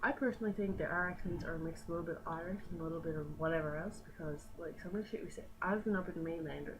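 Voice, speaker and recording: A woman's voice: on the low side, steady tone, rapid-fire. Teen girl with Newfoundland accent. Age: teens. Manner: chatty, rambling, swears casually. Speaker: vlogger. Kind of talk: casual talk to camera. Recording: noisy home video.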